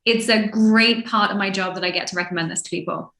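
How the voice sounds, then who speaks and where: Animated London woman in a roomy echo. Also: medium pitch, fast, gravelly. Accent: English, London. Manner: animated, acts out quoted reactions. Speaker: sleep expert guest. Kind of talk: lively interview chat.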